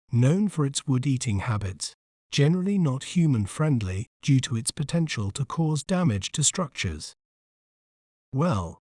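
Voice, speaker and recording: A man hosting a scripted pronunciation lesson in an even, measured delivery, slowly sounding words out syllable by syllable. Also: mid-range voice, dry recording, studio quality. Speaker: pronunciation channel host.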